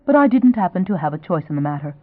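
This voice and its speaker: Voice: medium pitch, sing-song, fast, no room sound, lightly acted. A proud, anxious young mother who keeps her answers short and defensive, as an audiobook reader puts her on. The sound is narrow and phone-like. It is dry and close. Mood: guarded. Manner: clipped, defensive.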